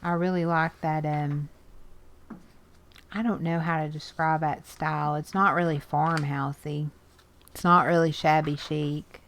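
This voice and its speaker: In a deep, fairly bright voice with a steady, unhurried tone, this art journaling video host chats casually as she goes through magazines. She reads bits aloud and reacts to pictures. The recording has a little hiss or hum.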